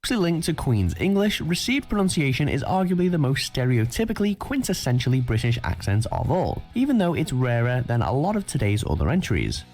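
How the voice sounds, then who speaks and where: A man's voice: medium pitch, very animated, brisk, hardly any pauses, darkish tone, faint music behind. A man narrating a scripted countdown list video with an emphatic delivery.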